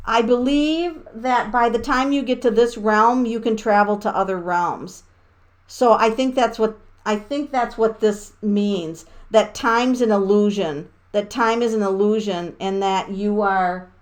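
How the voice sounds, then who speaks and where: A woman giving a casual tarot reading to her viewers, excitable and rambling, with laughs and the odd swear. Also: fairly high pitch. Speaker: tarot reader.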